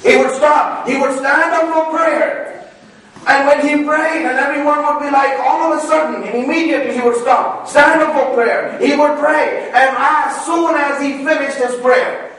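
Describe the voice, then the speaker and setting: A man's voice: extremely high pitch, fairly bright tone. A man preaching a sermon, telling stories earnestly and repeating key phrases, with occasional coughs. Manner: earnest, repetitive storytelling, coughs now and then. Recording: very echoey hall, voice from far off.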